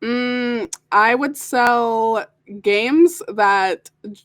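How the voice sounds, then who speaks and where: A woman's voice: a little high, extremely slow, a bit bright, clear, resonant tone, no room sound. Giggly young woman, dry close sound. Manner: giggly, laughs often. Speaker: interview guest, voice actor. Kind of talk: casual interview chat.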